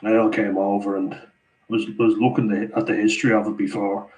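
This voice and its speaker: A man's voice: lowish voice, level tone, a little fast, a little mellow, poor audio. An Irish man hosting a casual live Q&A, chatting and laughing as he reads out viewer comments. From Ireland. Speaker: livestream host answering viewer chat.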